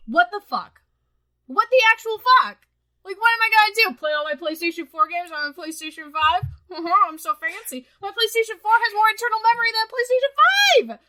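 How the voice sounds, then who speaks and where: A young woman co-hosting a casual podcast, ranting with lots of swearing and animated outbursts. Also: very high-pitched. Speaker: podcast co-host. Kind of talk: casual chat.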